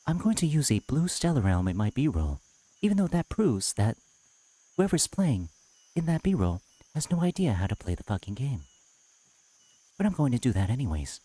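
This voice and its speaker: A streamer doing a sarcastic, condescending impression of another creator, taunting a viewer in chat. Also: male voice, mid-range voice, dark tone, no room sound.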